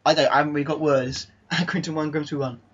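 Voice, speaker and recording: A man commentating live on his own football video game match, his voice sitting a little high for a man. He gets excitable and exasperated, then drops into calmer team talk. The mic sounds slightly dull and lo-fi. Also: fast, husky. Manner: excitable, exasperated, swings between disbelief and calm team talk. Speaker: gaming YouTuber.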